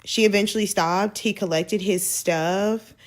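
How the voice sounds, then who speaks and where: A woman, telling a personal story in casual storytime style, animated and slangy, acting out what others said. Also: medium pitch, a little slow. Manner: animated, slangy, cursing, acts out quotes.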